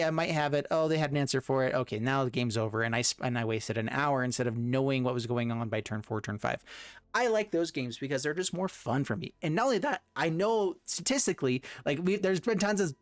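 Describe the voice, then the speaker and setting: A man hosting a gaming video, talking casually in a rambling, animated way with lots of restarts and fillers. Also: mid-range voice, no echo. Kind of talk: casual gameplay commentary.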